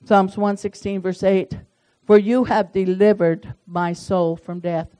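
A woman's voice: mid-range voice, takes it slowly, poor audio. Folksy, chatty woman leading a Bible study. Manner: folksy, animated, chatty, reading scripture aloud. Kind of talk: casual Bible study teaching.

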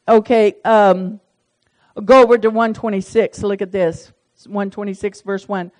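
A woman's voice: fairly high pitch, a little slow, low-quality recording. Folksy, chatty woman leading a Bible study. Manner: folksy, animated, chatty, reading scripture aloud. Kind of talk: casual Bible study teaching.

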